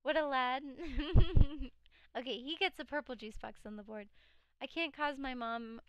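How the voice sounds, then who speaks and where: A woman's voice: sits high, a little slow, clear, resonant tone, no echo. A woman live streamer chatting casually with her viewers and reading out chat. She sounds tired, her voice cracking now and then. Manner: chatty, reads chat aloud, frequent laughs.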